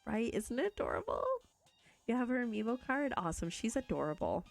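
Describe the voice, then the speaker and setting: A woman's voice: on the high side, big pitch swings, a little fast, gravelly, faint music behind. A young woman chatting casually with viewers while she plays a video game, bubbly and self-teasing. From Canada. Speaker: streamer. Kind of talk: casual live-stream chat while playing a video game.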